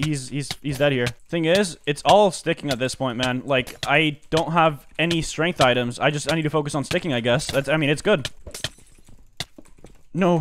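A man giving live commentary on his own gameplay, excitable and slangy, jumping from low muttering to loud outbursts. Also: a little hiss or hum. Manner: slangy, says dude and bro a lot. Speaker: gaming commentator.

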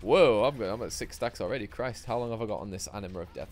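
A man's voice: fairly low pitch, fast talker, darkish tone. A man giving sweary, rambling, self-mocking commentary while streaming a game live. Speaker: gaming streamer.

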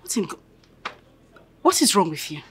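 A woman's voice: on the low side, big pitch swings, normal speed, a bit bright. A young woman playing a headstrong daughter who argues and pleads emotionally. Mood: pleading. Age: young adult.

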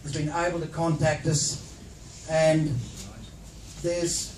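A man's voice: a little high, flat delivery, takes it slowly, a little mellow, slight background noise. An Australian man in his sixties giving a humorous after-dinner speech at a reunion, telling stories with frequent chuckles. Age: 60s. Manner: jovial storytelling, chuckles often. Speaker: reunion speaker. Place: large function room at a dinner. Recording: echoey hall from far off with crowd.

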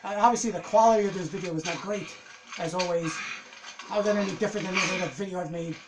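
A man giving casual let's-play commentary, excitable and swearing as he rants at the game. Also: high voice, fast talker, background noise. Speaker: gameplay commentator.

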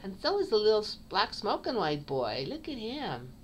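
A woman's voice: mid-range voice, wildly swooping pitch, moderate pace, slight background noise. A woman cat breeder narrating a casual home video, cooing baby talk at kittens.

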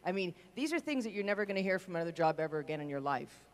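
A woman's voice: lowish voice, very animated, racing, long reverb tail. Effusive woman on a fan panel. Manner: effusive, emphatic lists. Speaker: actor on a convention panel. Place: convention hall.

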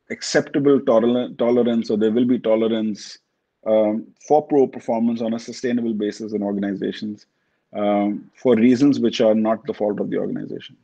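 A man from Pakistan, a company chief, answering interview questions in a measured corporate way, often restarting his words. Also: on the low side, steady tone, dark tone, dull audio. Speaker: CEO guest.

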